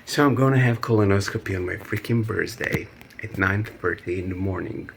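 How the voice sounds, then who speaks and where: Male vlogger, very deep gravelly voice, rambling and emotional, faint background hiss. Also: a little fast. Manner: emotional, rambling, laughs nervously. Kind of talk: personal video diary.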